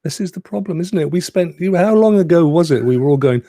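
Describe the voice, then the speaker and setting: Chatty man with gravelly voice. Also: fairly high pitch, lively intonation, fast talker, hardly any pauses, dark tone, dry recording, studio quality. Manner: chatty, laughing, rhetorical asides. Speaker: podcast co-host. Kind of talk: casual live stream chat.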